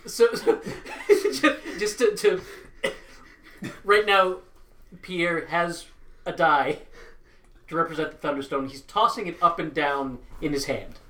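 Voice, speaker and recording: A man playing in a tabletop game, lively and laughing. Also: fairly high pitch, takes it slowly, long pauses, distant mic. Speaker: player. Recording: echoey room.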